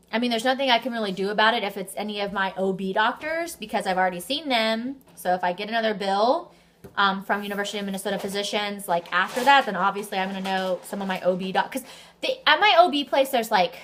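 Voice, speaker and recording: A young adult woman vlogging in a casual, chatty way, telling her story with animated energy and the odd swear word. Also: mid-range voice, fairly quick. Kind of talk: casual chat.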